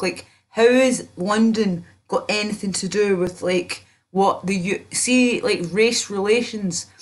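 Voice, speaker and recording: A young woman from Scotland livestreaming from home, rambling and swearing as she talks to her chat about the news while complaining of a sore back. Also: mid-range voice. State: sore back, just out of the shower.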